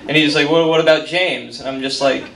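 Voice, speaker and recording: A man's voice: a little high, fairly even intonation, fairly quick, creaky, a bit bright. A man telling a self-deprecating comic story on stage in a bar, quoting people in voices, with the audience laughing. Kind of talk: live stand-up storytelling. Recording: roomy, distant mic, noisy bar.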